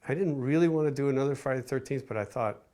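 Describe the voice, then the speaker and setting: A man's voice: medium pitch, racing, dark tone. An older man, a film director, recalling his career in a rambling interview with many restarts. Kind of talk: casual interview recollection.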